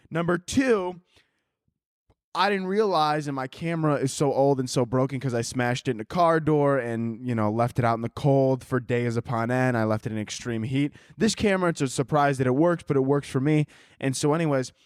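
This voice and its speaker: A man with a mid-range voice chats casually on his own podcast, handheld mic in hand, meandering through profane, jokey tangents. The recording is dry and studio-clean.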